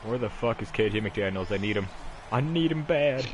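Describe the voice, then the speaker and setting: A man's voice: lowish voice, expressive, normal speed, noisy background. Young man cracking crude jokes while gaming. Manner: crude joking. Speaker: gamer. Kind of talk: casual game chat stream.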